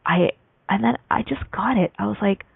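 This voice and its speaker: A woman hosting a motivational radio talk show, telling stories with lively acted-out voices and frequent laughter. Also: medium pitch, normal speed, creaky, slightly rough, dry recording. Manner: animated storytelling, acts out quoted voices; laughs often between points. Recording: tinny phone-like line, dry.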